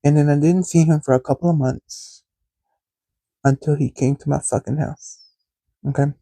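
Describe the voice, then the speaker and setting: Male host, frank rambling storyteller; very dark, husky voice, dry close sound. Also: on the high side, steady tone, moderate pace, dry recording, poor audio. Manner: candid, rambling, addresses listeners directly. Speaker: podcast host. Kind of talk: casual storytelling.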